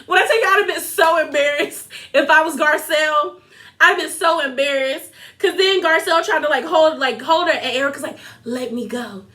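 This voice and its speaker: A woman hosting a casual recap vlog about a reality show. Her voice sits high and sounds crisp and bright. She talks in an animated way, laughing often and slipping into imitations. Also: fairly quick.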